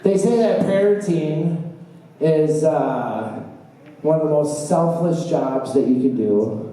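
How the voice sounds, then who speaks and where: A man working through a stand-up set at a small bar open mic, his talk wandering and halting with trailing asides. His voice sits a bit high and mellow, caught by a far-off camera in a boomy, echoing room with faint bar chatter behind. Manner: halting, meandering delivery with fillers and trailing asides.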